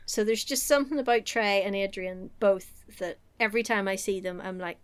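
A woman's voice: mid-range voice, fairly quick, smooth. English woman podcasting, rambly and giggly, casual chat. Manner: giggly, rambling, animated storytelling. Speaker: podcast co-host recapping a show.

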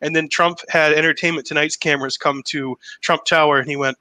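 A man's voice: a little high, quick pace, hardly any pauses, pushed and bright, no echo, low-quality recording. A man in his thirties from Massachusetts with no regional accent, telling chatty, profane stories in a casual podcast conversation. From Massachusetts, USA. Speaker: impressionist guest.

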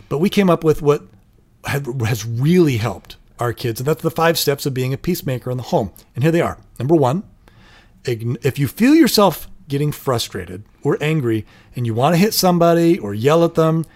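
A man's voice: on the high side, big pitch swings, normal speed, a little mellow. Earnest man giving parenting advice. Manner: earnest, acts out little quoted lines. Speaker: parenting show co-host. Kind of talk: casual advice chat.

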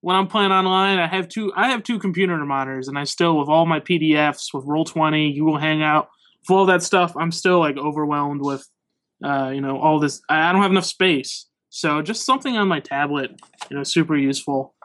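A man on a casual panel discussion, speaking haltingly with lots of fillers and restarts. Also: fairly high pitch, fairly bright tone. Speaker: panel guest.

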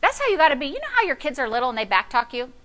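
Speaking rapid-fire in a high voice, a middle-aged woman pastor preaches and tells a story. Her delivery is sassy and animated, swinging from hushed to loud.

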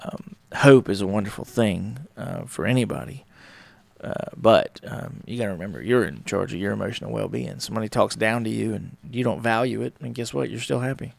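A man's voice: fairly low pitch, brisk, vocal fry, dry recording. A man hosting his own podcast, talking casually and rambling, sometimes acting out small dialogues. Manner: rambling, conversational, acts out little dialogues. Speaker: podcast host. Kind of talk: casual solo talk on relationships.

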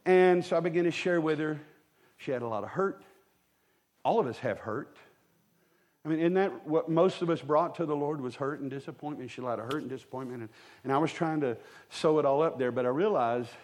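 A man's voice: a little high, darkish tone. Folksy man preaching a sermon. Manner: folksy, humorous storyteller with quick asides to the congregation. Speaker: pastor. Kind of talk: storytelling sermon. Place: church sanctuary with a live congregation.

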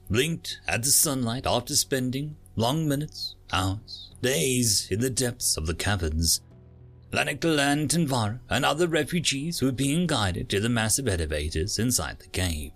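Male audiobook narrator, gravelly timbre, expressive pitch movement, dramatic reads. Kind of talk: scripted narration.

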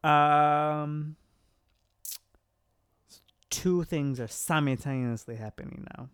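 A man in casual chat, retelling a story in an animated way and quoting the characters with laughs. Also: fairly high pitch, slow pace, clean tone, dry recording, studio quality. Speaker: podcast co-host recapping a story.

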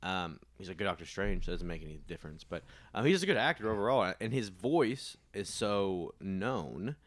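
Man, casual chat, lively pitch, dry close mic, hesitant. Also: a little fast, dry recording. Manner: relaxed, hesitant, many fillers and restarts. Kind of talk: casual movie casting chat.

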